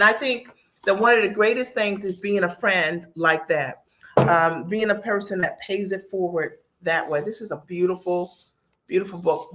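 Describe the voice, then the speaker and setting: A woman's voice: mid-range voice, fairly bright tone. A middle-aged woman business coach chatting to viewers in a gushing way while she unboxes a gift in her home office. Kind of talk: live unboxing video.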